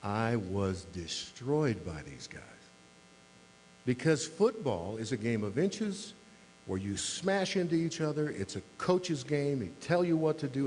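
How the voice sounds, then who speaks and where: A man's voice: mid-range voice, a little mellow. Sixties man telling dry stories in a reverberant hall. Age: 60s. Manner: dry, self-deprecating storytelling. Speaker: mayor giving a club speech. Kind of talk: humorous after-dinner speech. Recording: long hall reverb, faint mains hum.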